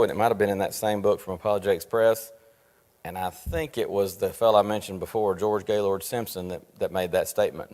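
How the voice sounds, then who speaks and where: A man leading a church Bible study, earnest, asking rhetorical questions and slowing down to stress his points. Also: fairly low pitch. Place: church meeting room. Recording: long reverb in a church room.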